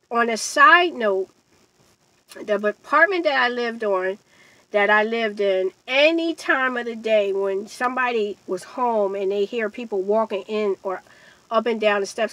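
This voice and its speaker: A woman's voice: on the high side, no room sound, poor audio. A young woman vlogger telling a personal story in a casual, conversational way, rising sharply when she quotes people. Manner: conversational, animated when quoting others. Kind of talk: storytime monologue.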